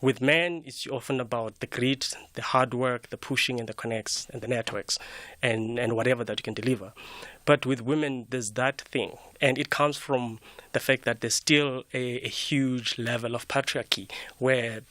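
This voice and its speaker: A man, a studio guest in a radio discussion, earnest and measured with stammering starts. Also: mid-range voice, steady tone, pushed and bright, dry recording.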